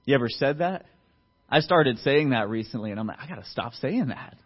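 A man preaching a sermon in a loose, conversational way, full of fillers and asides, who acts out quoted voices with big jumps in pitch and loudness. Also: lively intonation, brisk, husky. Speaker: pastor. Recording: muffled lo-fi recording.

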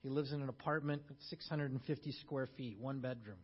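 A man preaching a sermon, telling a story in a hushed low voice, then rising loud for emphasis. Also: fairly even intonation, fairly quick, husky. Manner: storytelling, drops soft and low for quotes, rises loud for emphasis. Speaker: pastor. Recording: dull lo-fi sermon recording.

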